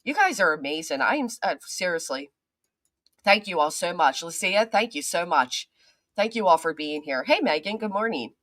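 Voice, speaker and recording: A woman's voice: on the low side, sing-song, moderate pace, fairly bright tone, dry recording, clean studio sound. A woman hosting a casual livestream, chatting and greeting viewers by name, swearing now and then. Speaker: channel host.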